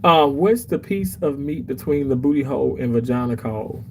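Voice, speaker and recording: A man's voice: mid-range voice, animated, normal speed, darkish tone, a little hiss or hum, poor audio. A man hosting a casual livestream, chatty and emotional as he reads comments aloud. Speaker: livestream host reading chat.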